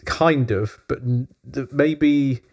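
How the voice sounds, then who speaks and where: A man co-hosting a casual review podcast, wry and measured, often laughing. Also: medium pitch, gravelly, a little mellow. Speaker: podcast co-host.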